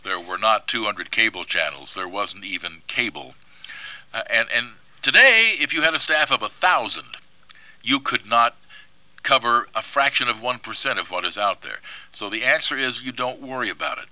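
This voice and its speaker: An older man talking on air as a guest in a radio studio. His voice sits low yet comes across bright and forward. He is laid-back and dryly funny. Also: expressive, normal speed, no room sound, low-quality recording. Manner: laid-back, dry humor, rich radio voice. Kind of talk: casual radio interview chat.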